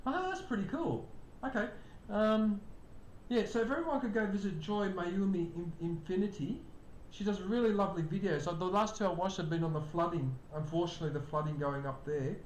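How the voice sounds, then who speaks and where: Talking fairly quickly, an older streamer greets live viewers by name in relaxed conversation. The high frequencies are cut off, and the audio carries room echo plus a faint rumble.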